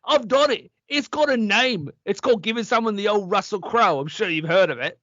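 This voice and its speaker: A man putting on a self-absorbed male movie star with a Cockney accent, rambling and oblivious in a high voice. The sound is dry and a bit dull, like lo-fi podcast audio. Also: brisk, no room sound. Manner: rambling, oblivious, deadpan boasting.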